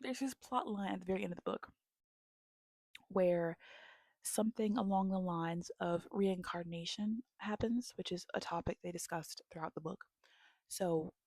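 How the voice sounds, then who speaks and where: A woman's voice: on the low side, dry recording, studio quality. A young woman giving casual book recommendations to her viewers, telling stories with lots of feeling and now and then dropping into a whisper. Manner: animated storytelling, dropping into whispers at moments. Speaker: book vlogger.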